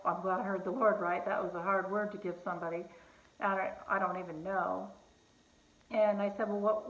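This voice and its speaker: A woman casually telling a personal faith testimony, earnest and conversational, with fillers and restarts. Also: medium pitch. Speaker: host sharing a personal testimony. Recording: echoey room, slightly dull sound.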